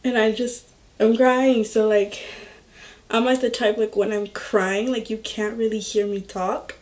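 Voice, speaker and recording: A young woman vlogger telling a personal story in a slow, halting way, full of filler words. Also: a little high, little pitch movement, a little mellow. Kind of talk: storytime vlog.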